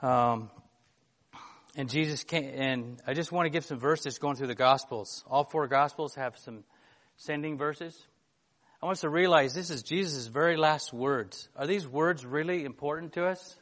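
A man preaching a sermon in a conversational, halting way, often restarting and filling gaps, reading scripture aloud. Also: a little high, a bit bright.

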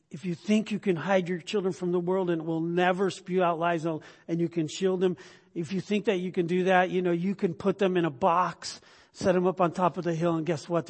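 A man's voice: high-pitched, a little mellow, breathy edge. A middle-aged male pastor preaching a conversational sermon, full of restarts and sudden bursts of emphasis. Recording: long hall reverb.

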